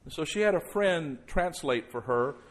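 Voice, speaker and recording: A man preaching a sermon as pastor before a congregation, slowing right down and dropping to a near hush for emphasis, then rising loud. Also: on the high side, animated. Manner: slows down and drops soft for emphasis, then rises loud. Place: church service before a congregation.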